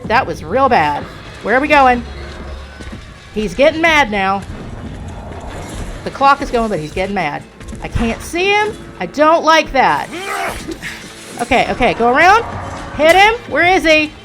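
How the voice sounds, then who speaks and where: A woman with a high, bright voice commenting on her own gameplay. She barks frantic commands and curses at her character during fights, then drops into rueful self-mocking chatter. Faint game music plays underneath. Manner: yells frantic instructions at the character, swears a lot; calmer, rueful self-deprecating talk between fights.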